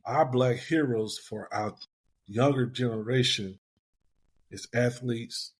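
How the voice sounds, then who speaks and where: A man's voice: mid-range voice, slow pace, husky. An older man speaking as a guest on a podcast panel, reflective and plain-spoken, calling himself a pessimist. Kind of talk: panel discussion.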